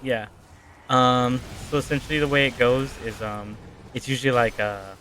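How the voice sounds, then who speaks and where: A man's voice: medium pitch, normal speed, slight background noise. A man streaming a game, chatting casually and retelling a story while acting out the characters' lines. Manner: animated storyteller acting out dialogue. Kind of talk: casual gaming chat.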